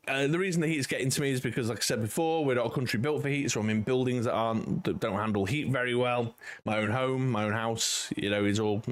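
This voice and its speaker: A man in his forties hosting a casual livestream from home, chatting with viewers in a rambling, friendly way. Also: mid-range voice. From United Kingdom. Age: 40s. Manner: rambling and friendly, many "you know"s. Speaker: livestream host.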